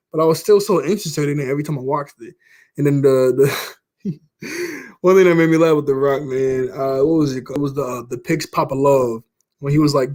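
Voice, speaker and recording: A young man with a slightly mellow voice on the high side rambles about movies as a YouTuber. His casual commentary meanders, filled with fillers and regular laughs.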